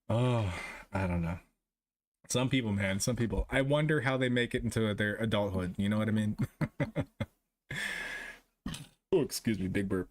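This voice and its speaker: A man's voice: lowish voice, normal speed, pauses often. A man streaming a casual chat with his viewers, ranting with lots of swearing and frequent laughs. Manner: profane, ranting, laughs often.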